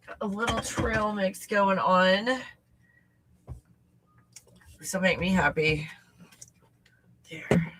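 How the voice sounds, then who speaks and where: A woman's voice: fairly low pitch, noisy background. A woman hosting a casual livestream chat, snacking, reacting to viewer comments and swearing freely. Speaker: host.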